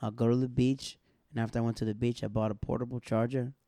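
A man's voice: medium pitch, level tone, fast talker, mellow, no room sound, clean studio sound. A man chatting casually as a podcast co-host, telling a story animatedly, acting out other people's lines and laughing often. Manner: laughs often while talking. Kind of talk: casual chat.

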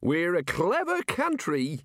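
A man's voice: on the high side, wildly swooping pitch, slow, a bit bright, no echo, clean studio sound, voice pushed up, heavily acted. A man voicing a jovial, boastful male wizard leader with a cheerful, teasing manner.

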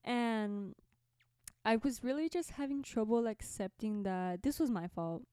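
A woman's voice: on the high side, unhurried, mellow, smooth, dry recording, clean studio sound. A young woman hosting a podcast, telling a story to camera in a chatty way, laughing often, in a small bedroom. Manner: chatty, laughing, lots of fillers. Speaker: podcast host and musician. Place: small orange bedroom by a window.

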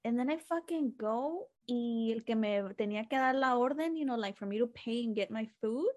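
Animated bilingual woman. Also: a little high, brisk, lo-fi sound. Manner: animated storytelling, switching between English and Spanish, swearing freely. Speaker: podcast co-host. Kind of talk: casual chat.

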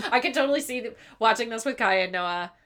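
A woman's voice: fairly high pitch, animated, fast talker, a bit bright. A woman co-hosting a casual podcast chat about a movie, giggly and chatty, swearing now and then. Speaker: podcast co-host.

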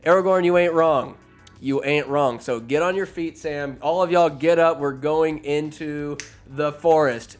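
A man's voice: medium pitch, unhurried, soft background music. A man casually retelling a fantasy film for laughs, rambling and profane, with sarcastic asides. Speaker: comedic film recapper. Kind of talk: casual comedic story recap.

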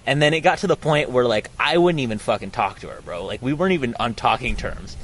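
A man's voice: medium pitch, expressive, fast talker, a bit bright, slight background noise. Slangy young man telling a wild story. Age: young adult. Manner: slangy, profane, says "dude" and "bro" a lot. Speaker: podcast host. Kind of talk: casual storytelling chat. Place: outdoors on a college campus.

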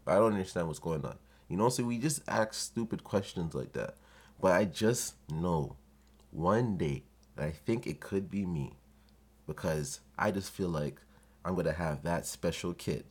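Low-voiced young guy on his podcast, cussing a lot, doing little voices of the people in his stories. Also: normal speed, slightly rough. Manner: profane, animated, acts out quoted voices with laughs. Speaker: podcast host. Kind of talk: comedic storytelling monologue.

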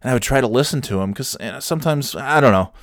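A man's voice: mid-range voice, expressive, fast, no room sound, studio quality. A man in his thirties talking casually and profanely in a solo podcast, rambling and mocking himself. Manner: rambling, self-deprecating, profane. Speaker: podcast host.

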